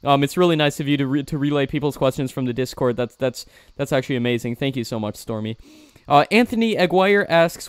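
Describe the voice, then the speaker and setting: A man's voice: medium pitch, brisk, clean tone, dry recording. A young man hosting a live-stream interview, reading out viewer questions and thanking donors effusively. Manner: upbeat, effusive thanks, repeats himself.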